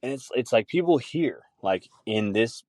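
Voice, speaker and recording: A man's voice: medium pitch, expressive, moderate pace, darkish tone, no room sound, clean studio sound. A man hosting a podcast, ranting in a profane, casual chat and laughing easily. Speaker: podcast host.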